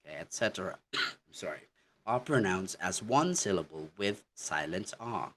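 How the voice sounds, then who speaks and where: Male teacher, very low voice, unhurried delivery, constant "okay" check-ins. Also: expressive, a bit bright, a little hiss or hum. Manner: slow, repetitive, says "okay" constantly while demonstrating words. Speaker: English teacher. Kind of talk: online pronunciation lesson.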